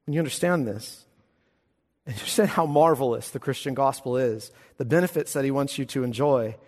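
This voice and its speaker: Emphatic preacher in a reverberant hall. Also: male voice, mid-range voice, fairly quick. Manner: emphatic preaching, swinging from hushed to loud. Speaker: pastor. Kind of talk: sermon.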